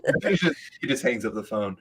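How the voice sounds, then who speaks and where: Man in his thirties, casual chat, animated storyteller, laughs a lot, voice mimicry. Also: on the low side, a little fast, low-quality recording.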